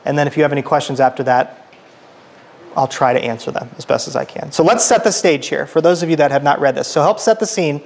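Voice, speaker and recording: A man's voice: a little high, quick pace, creaky. Casual male church lecturer. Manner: informal, self-correcting, asks the audience. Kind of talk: casual lecture with reading aloud. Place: church hall.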